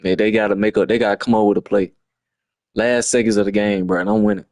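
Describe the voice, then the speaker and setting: A man's voice: lowish voice, fairly even intonation, fast talker, darkish tone, no echo. A man, breaking down a lost football video game in a frustrated, slangy ramble on a livestream. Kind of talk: casual game replay breakdown.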